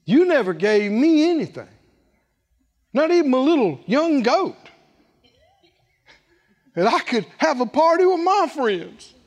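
Brief: man playing a sulking, complaining elder son, high and swooping, slow, in a reverberant hall. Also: big pitch swings, a little mellow, full character voice. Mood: aggrieved. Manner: whining, complaining. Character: resentful self-pitying young man, elder brother.

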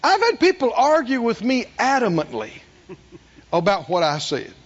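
A middle-aged man preaching a sermon, folksy and animated, asking the congregation questions. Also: extremely high pitch, moderate pace, slightly rough, dull audio. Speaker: pastor.

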